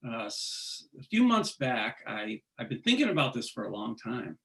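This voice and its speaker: A man being interviewed, talking earnestly and haltingly, often restarting his sentences. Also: mid-range voice, very animated, creaky, fairly bright tone. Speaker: singer, interview guest. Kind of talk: casual interview conversation.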